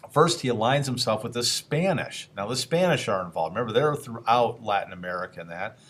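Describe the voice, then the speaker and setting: A man's voice: lowish voice, animated, brisk, a bit bright. Casual man giving a history lecture. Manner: conversational, asks the class questions, acts out historical figures in casual asides. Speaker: teacher.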